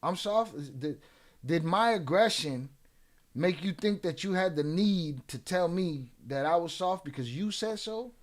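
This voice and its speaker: A man's voice: a little high, expressive, measured pace. A man hosting a livestream, taunting and trash-talking trolls in the chat in a drawling, streetwise way. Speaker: livestream host. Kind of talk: live-stream chat with viewers.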